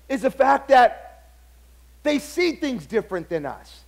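A man pastor preaching a sermon, telling stories with lively acted-out dialogue. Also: very high voice, measured pace, vocal fry, long pauses. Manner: animated storytelling, acts out other people's lines.

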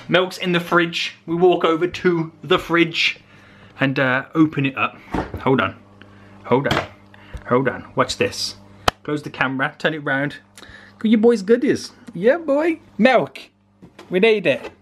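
A man's voice: a little high, slight background noise. A man vlogging a playful cooking demo in his home kitchen, filming on a handheld phone and narrating each step with jokes. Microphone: handheld phone camera.

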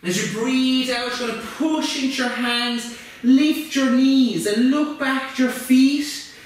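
A man leads a children's yoga class in a gentle, playful, encouraging way, with a slow, unhurried delivery. His voice rings around a very echoey room, and he sounds some distance from the mic. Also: very high-pitched, fairly even intonation. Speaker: kids' yoga teacher. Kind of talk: guided yoga instruction for children.

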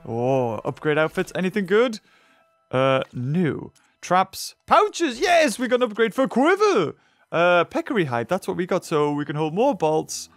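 A man hosting a let's play, chatting excitably and talking to the creatures on screen. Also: sits high, unhurried, no room sound, soft background music. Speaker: gaming channel host.

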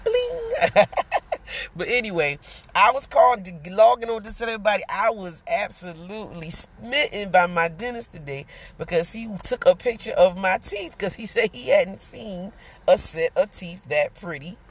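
A woman, chatting casually on a phone live stream from her car and telling an animated story. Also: medium pitch, normal speed, breathy edge. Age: 40s. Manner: chatty, animated storytelling, greets viewers by name. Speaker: vlogger. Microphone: phone camera.

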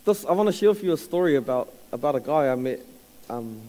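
A man in his thirties with a New Zealand accent, telling a story in a casual, halting sermon with fillers and laughs. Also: fairly high pitch, expressive, mellow, low-quality recording. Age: 30s. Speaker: church speaker.

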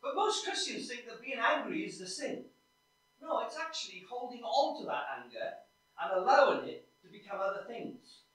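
A man's voice: very high voice, big pitch swings, moderate pace, fairly bright tone. A man preaching a sermon in a church, conversational and often asking the congregation questions. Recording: echoey church from a distance.

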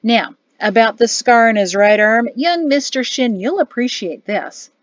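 A woman voicing a hearty, boastful older male general who teases and barks his words loudly. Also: unhurried, dry recording, muffled recording, natural voice. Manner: booming, barking laughter.

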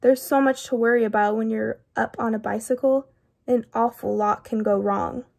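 A woman voicing an anxious, fretful male walrus in a children's storybook, talking slowly and rambling through all his worries. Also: fairly high pitch, fairly even intonation, creaky, darkish tone. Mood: worried. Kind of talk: children's storybook read-aloud.

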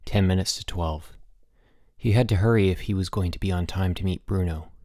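A man reading a children's novel aloud as an audiobook narrator, steady and clear. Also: sits low, brisk, no echo, clean studio sound. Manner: steady storytelling with voiced dialogue. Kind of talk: scripted narration.

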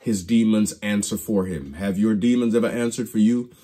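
Male Bible teacher, preacherly storyteller, dark and slightly husky, restarts phrases. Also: lowish voice, normal speed. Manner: preacherly storytelling, acts out quoted lines. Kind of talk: Bible study lesson.

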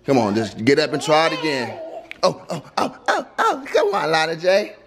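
A young man vlogs from the family home, playfully coaxing his baby to walk while chatting with viewers in a casual family vlog. His voice sits on the high side and is a bit bright, with wildly swooping pitch at a moderate pace.

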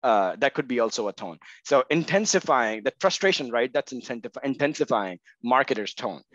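A man's voice: medium pitch, lively intonation, brisk, a bit bright, dry recording, muffled recording. A man speaking as an interview guest in casual conversation, hedging with fillers and often asking "right?". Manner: many fillers, frequent "right?" checks. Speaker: guest, marketing tech co-founder.

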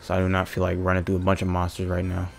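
Gamer guy, low-pitched, slangy and fed up, talking through his own gameplay with soft music under him. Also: monotone, very fast, creaky. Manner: exasperated, ranting, muttering to himself; casual slangy talk. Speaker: gaming channel host. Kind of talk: let's play commentary.

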